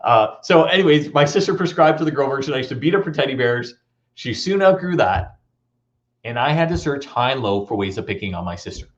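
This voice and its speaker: Animated, playful male storyteller. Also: mid-range voice, a little fast, highs cut off. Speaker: motivational speaker. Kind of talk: motivational talk with comic stories.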